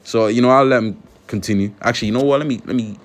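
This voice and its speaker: A man's voice: medium pitch, fast. A man hosting a religious video, talking through scripture in a conversational way with lots of "you know". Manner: conversational, many fillers and restarts. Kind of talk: scripture commentary.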